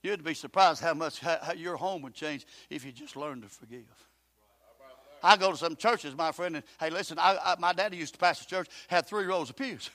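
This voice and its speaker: Older preacher, high bright voice, impassioned, moves from quiet to shouting. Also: male voice, brisk, dry recording. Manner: impassioned, swings from soft talk to shouting. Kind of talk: sermon.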